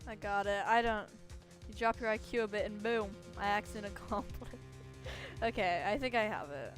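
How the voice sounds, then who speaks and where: A woman's voice: medium pitch, moderate pace, music in the background. A young woman playing through a video game, reading dialogue aloud in a playful, giggly manner. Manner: playful, giggly, reads characters in varied voices. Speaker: gaming streamer.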